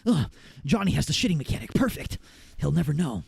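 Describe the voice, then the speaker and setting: A man voicing a scheming male gamer plotting like a villain, in a low muttering voice. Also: sing-song, quick pace, gravelly, darkish tone, husky, no room sound, exaggerated voice.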